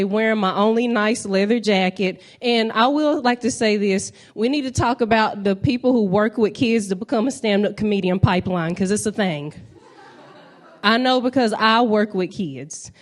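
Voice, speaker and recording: A woman in her thirties from North Carolina with a Southern accent, doing a stand-up comedy set with animated crowd-work banter. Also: medium pitch, normal speed. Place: comedy club stage.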